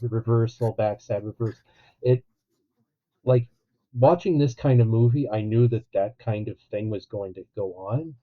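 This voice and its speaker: A man co-hosting a podcast, chatting casually about a film, animated and acting out quotes with a laugh. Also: on the low side. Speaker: podcast co-host. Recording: tinny phone-like line.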